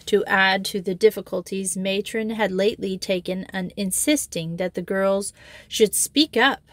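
A woman reading a children's school novel aloud in steady, measured storytelling. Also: medium pitch, dry recording. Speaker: audiobook reader.

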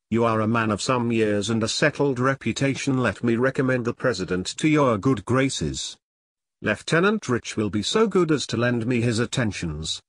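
A man voicing a stern nobleman prince in an audiobook, speaking gravely and formally. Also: mid-range voice, no room sound, clean studio sound, close to an everyday voice. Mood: commanding.

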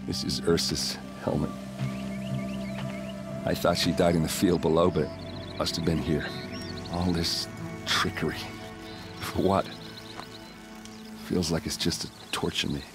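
An actor playing a grieving, bitter young male warrior in a video game, with a deep, weary voice. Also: level tone, measured pace, pauses often. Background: game music.

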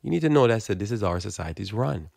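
Man, low gravelly voice, blunt informal preaching, dry close sound. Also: big pitch swings, fast talker, darkish tone, no room sound. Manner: emphatic, blunt, repeats words while building a point. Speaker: Christian preacher.

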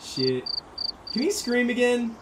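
A young man giving casual, excitable let's-play commentary as a gaming channel host, reacting loudly as he plays. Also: very high-pitched, slow pace, background noise. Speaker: gaming YouTuber. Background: loud game music.

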